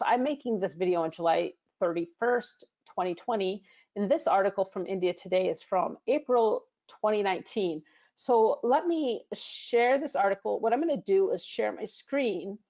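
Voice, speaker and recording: A woman's voice: mid-range voice, darkish tone, lo-fi sound. An American woman coaching business English in a screen-share lesson, explaining with frequent fillers and restarts. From United States.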